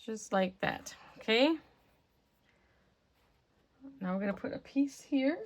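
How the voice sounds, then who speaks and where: A woman's voice: fairly high pitch, lively intonation, slow pace. A woman hosting a craft tutorial, explaining steps casually while working with her hands and murmuring to herself, her voice slightly worn and losing strength. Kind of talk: casual step-by-step craft instruction.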